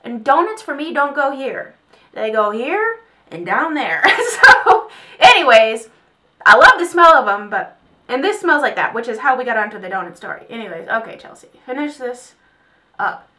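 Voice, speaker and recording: Young woman, beauty vlogger, casual chat, gushing, fairly high pitch. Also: moderate pace, slight background noise. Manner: chatty, gushing, animated storytelling. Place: home vanity area.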